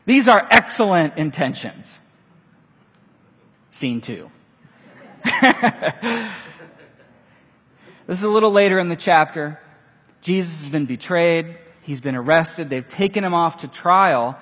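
Guy preaching a sermon, kinda husky, voice jumps all over, echoey hall. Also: on the high side. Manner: animated, acting out quotes with casual asides. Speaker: pastor. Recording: long hall reverb.

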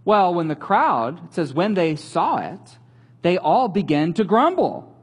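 A man giving a sermon as a pastor, telling the story in a conversational, animated way with light humor. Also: high voice, measured pace, breathy edge.

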